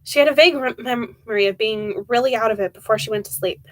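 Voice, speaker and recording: A young woman reading a horror book aloud on a live stream, softly and with feeling, often stumbling and restarting words. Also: a little high, fast talker, no echo, poor audio. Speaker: reader of horror books.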